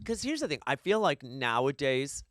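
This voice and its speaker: A wry podcast host in his thirties, nudging his guest along. His voice is very lively, rising and falling a lot at a middle pitch. It is recorded dry and close, with no room echo. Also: moderate pace. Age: 30s. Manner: wry, steering the conversation. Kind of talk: casual podcast chat.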